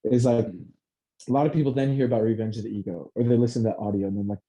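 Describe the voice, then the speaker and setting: A man in casual motivational chat, talking in an animated, profane self-help style. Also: lowish voice, fast, poor audio.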